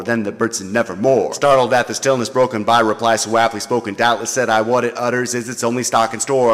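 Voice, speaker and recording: A man reciting a poem with a steady, rhythmic, chant-like delivery. His voice sits at an ordinary pitch for a man and is bathed in a long, lingering hall reverb. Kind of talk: dramatic poetry recitation.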